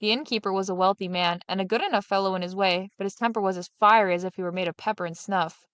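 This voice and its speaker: A woman reads a fairy tale aloud with steady, expressive narration. Her voice sits in the middle range. The sound is dry and close. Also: medium pitch, quick pace, clean tone, no room sound. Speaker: storyteller.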